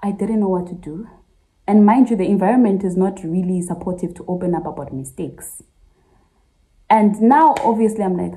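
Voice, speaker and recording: A woman's voice: mid-range voice, normal speed, mellow, low-quality recording. A young woman in her twenties vlogging casually, sharing an emotional personal story, talking straight to her viewers and laughing through tears. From Zambia. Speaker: medical student vlogger. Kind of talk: casual confessional vlog.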